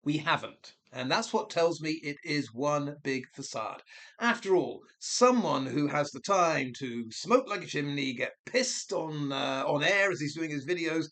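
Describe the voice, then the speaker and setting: A man's voice: on the high side, animated, measured pace, fairly bright tone. A man giving a scornful, sarcastic commentary monologue, asking rhetorical questions and often correcting himself mid-sentence. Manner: rambling with frequent self-corrections. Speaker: commentary channel host.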